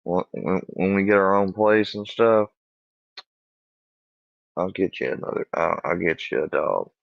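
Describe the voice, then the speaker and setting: A man rambling and cursing as he talks casually to his dog, with halting restarts, on a dull lo-fi recording. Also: low-pitched, creaky, dry recording.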